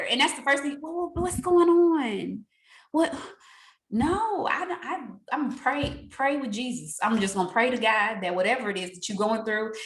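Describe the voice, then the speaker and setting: Animated woman preaching to her team. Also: on the high side, echoey room. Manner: animated, preachy, quotes others in lively voices, laughs often. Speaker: team leader speaking to her sales team. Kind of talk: casual motivational talk.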